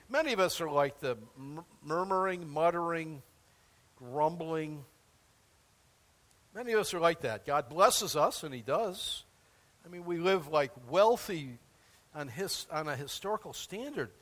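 A man's voice: on the high side, unhurried, long pauses, big-room sound. A man preaching a sermon in a loose, conversational way, often acting out the voices of the people in his examples. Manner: animated, conversational, acts out quoted voices. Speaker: pastor.

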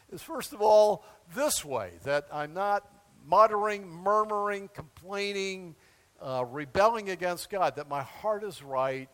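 A man's voice: high voice, fairly bright tone, in a large hall. An older man preaching a sermon in a folksy, emphatic way, with asides and chuckles. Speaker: pastor.

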